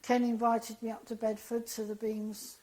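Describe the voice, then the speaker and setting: Woman guest, somewhat high voice with a mellow warmth, animated storyteller who acts out quoted dialogue. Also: normal speed, low-quality recording. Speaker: interview guest. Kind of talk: conversational storytelling interview.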